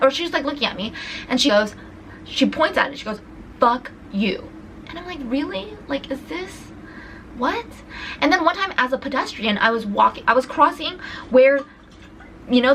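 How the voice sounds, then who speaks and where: A young woman from California chatting to camera in a vlog, retelling road-trip run-ins in an animated way with lots of restarts. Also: on the high side, a little hiss or hum, poor audio. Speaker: vlogger. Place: indoors at a rental home.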